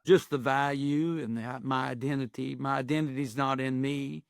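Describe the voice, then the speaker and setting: A man's voice: mid-range voice, fairly even intonation, normal speed, gravelly, smooth, dry recording, studio quality. A man in his sixties, an executive coach, telling stories in earnest with folksy phrasing in a podcast interview. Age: 60s.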